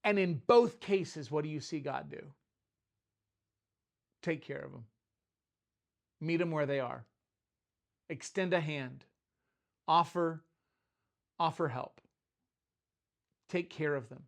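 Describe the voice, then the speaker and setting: A man preaching in a loose, conversational way, with a slightly high voice. He jokes, trails off, and restarts his thoughts as he talks through his points. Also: slow, vocal fry, long pauses. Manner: conversational, self-interrupting, joking asides. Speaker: pastor. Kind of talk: informal sermon.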